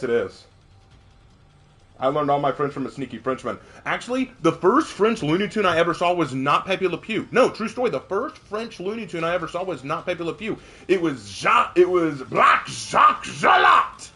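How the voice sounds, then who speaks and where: A male game streamer talks through his matches in casual, chatty commentary. His voice sits a little high for a man. He laughs often and tells stories with energy. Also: a little fast, fairly bright tone.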